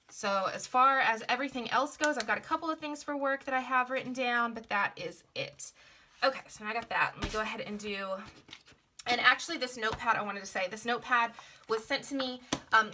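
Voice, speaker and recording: A woman's voice: on the high side, pushed and bright, slight background noise. A young woman chatting casually as she plans in her planner, rambling a little with many fillers, her nose stuffed up from a cold. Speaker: planner vlogger. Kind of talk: casual plan-with-me chat.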